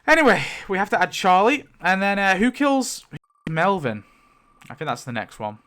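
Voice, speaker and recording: A man giving casual, animated commentary as he rewrites a story, thinking aloud, swearing and exclaiming in mock outrage. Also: high voice, normal speed. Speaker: YouTube creator.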